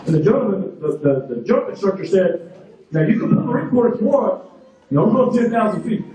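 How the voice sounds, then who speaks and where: High-voiced man speaking in an echoing hall. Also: expressive, a little fast, dark tone. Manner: storytelling, emphatic, repeats phrases. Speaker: graduation ceremony speaker. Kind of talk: motivational ceremony speech. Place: large ceremony hall. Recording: echoey hall, voice from far off.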